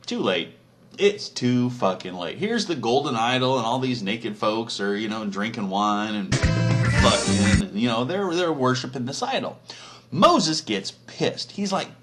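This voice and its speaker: A man's voice: mid-range voice, big pitch swings, normal speed, a bit bright. A man telling a crude, profane comedic story in a rambling, casual way.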